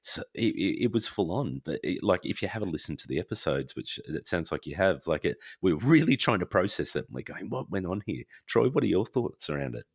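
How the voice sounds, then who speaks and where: Aussie guy on a podcast, super deep voice, lively retelling, dry close sound. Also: fairly quick, hardly any pauses, breathy edge, no echo. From Australia. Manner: animated, acts out quoted reactions. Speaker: podcast guest. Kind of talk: casual conversation.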